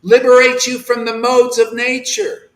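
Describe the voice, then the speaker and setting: A man acting as a spiritual teacher delivers a passionate devotional sermon, swinging from fervent near-shouts to hushed murmurs. He speaks emphatically, repeats himself, and tosses in a slangy "man." His voice is extremely high and monotone, his pace unhurried, and the rough recording sounds roomy.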